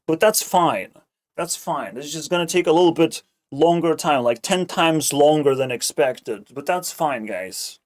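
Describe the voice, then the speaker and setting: Animated but unhurried, a man with a voice on the high side rants about a video he's watching as a streamer. He rambles, stays sarcastic, and curses nonstop in this casual, profane tirade.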